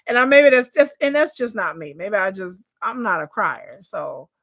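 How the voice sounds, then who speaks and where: A woman's voice: medium pitch, sing-song, moderate pace, fairly bright tone. A woman giving casual, incredulous commentary on a reality show, talking in a colloquial drawl and laughing often. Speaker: reaction commentator.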